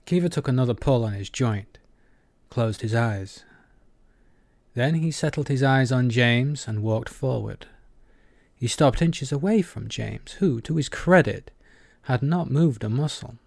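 A man narrating an audiobook in a measured, even manner. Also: mid-range voice, gravelly, dry recording, studio quality.

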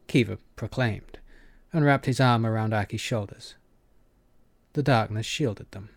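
A man narrating an audiobook in a measured, even manner. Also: on the low side, no room sound.

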